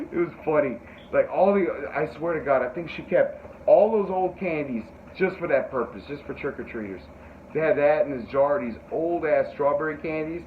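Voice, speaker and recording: Male podcast host, animated rambling storyteller, high-ish voice, tinny lo-fi sound. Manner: animated, rambling, profane, acts out quotes in high yelps. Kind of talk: casual storytelling chat. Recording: tinny phone-like sound with faint noise.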